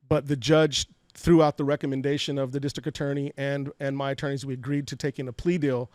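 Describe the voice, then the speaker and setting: This man has a mid-range, slightly mellow voice. He is in his forties, from Fresno, California, and as a podcast guest he candidly tells emotional stories from his life, often repeating words. The personal storytelling interview is recorded dry on a podcast studio mic.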